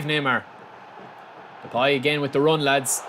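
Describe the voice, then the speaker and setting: A young man casually commentating his own football game on a live stream, chatting with viewers and bursting into shouts at big moments. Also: medium pitch, animated, brisk, slight background noise.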